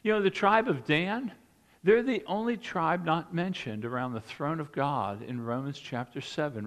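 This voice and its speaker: A man preaching a sermon as a pastor, retelling a scripture story with lively emphasis and dropping to quiet, earnest moments. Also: fairly high pitch, big-room sound. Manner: animated storytelling preacher, swinging between loud emphasis and quiet earnest passages.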